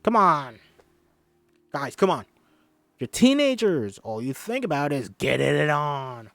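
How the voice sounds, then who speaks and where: Man doing a pushy choir teacher, high raised voice, shouting, theatrical coaching, dry close sound. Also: very animated, measured pace, creaky, no room sound, heavily acted. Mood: ranting.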